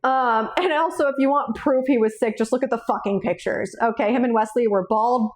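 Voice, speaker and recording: A young woman talks through her bookshelf in a loose, rambling chat, her voice a little high. She swears freely and breaks into laughter often. She sounds tearful and shaky. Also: brisk. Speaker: book vlogger. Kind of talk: casual chat.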